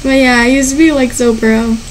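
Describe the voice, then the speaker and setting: A woman giving gameplay commentary as a channel host, excitable and panicky, often squealing and laughing. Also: high voice, fairly quick, slight background noise, rough recording.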